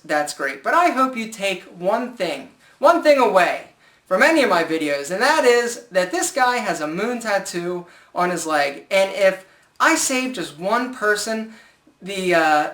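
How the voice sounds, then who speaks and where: A man giving casual style advice in a joking, sarcastic vlog. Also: high voice. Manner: joking, sarcastic, animated asides. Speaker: style vlogger. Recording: echoey room.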